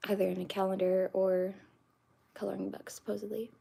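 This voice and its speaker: A woman's voice: mid-range voice, flat delivery, fairly quick, vocal fry, mellow, husky. A young woman, chatting casually with her stream viewers in a rambling way, full of fillers and restarts. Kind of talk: casual live-stream chat.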